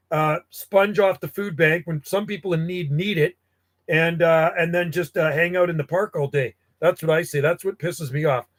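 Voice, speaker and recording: A man's voice: high-pitched, fairly bright tone. A middle-aged man ranting bluntly in casual talk, grumbling and swearing as he tells stories. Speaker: radio hobbyist livestream host. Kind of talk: casual rant.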